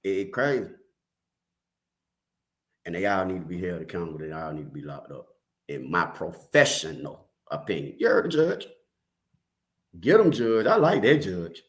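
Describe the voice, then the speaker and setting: A man's voice: low voice, very animated, moderate pace, long pauses. A man with a Detroit accent giving casual, slangy commentary on a true crime case, with laughing asides.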